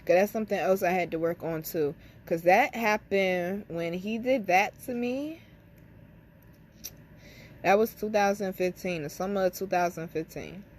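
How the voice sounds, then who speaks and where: A woman's voice: medium pitch, measured pace, slight background noise. Blunt, profane young woman telling a personal story. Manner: blunt, profane, speaks directly to listeners as y'all. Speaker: spiritual reader and channel host. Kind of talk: candid personal storytelling to camera.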